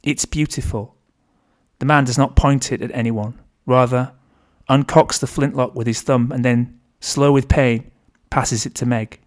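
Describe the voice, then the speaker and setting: An author reading his own novel aloud in a steady, measured narrating voice. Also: mid-range voice.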